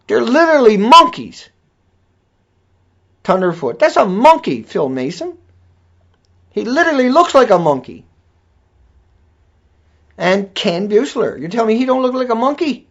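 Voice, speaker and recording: A man's voice: very high-pitched, sing-song, unhurried, creaky, pauses often. A man delivering an angry, profane, repetitive rant as a video blogger. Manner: furious, profane, repetitive tirade. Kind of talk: angry ranting monologue. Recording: dull lo-fi recording.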